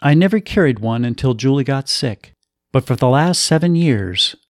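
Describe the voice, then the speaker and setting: A man reading a story aloud in a measured, expressive way. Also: medium pitch, dry recording, clean studio sound. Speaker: narrator.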